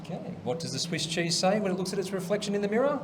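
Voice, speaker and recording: High-voiced host telling jokes. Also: male voice, very animated, rapid-fire, noisy background. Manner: chatty, laughs at own jokes. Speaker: comedy show host. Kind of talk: stand-up joke telling.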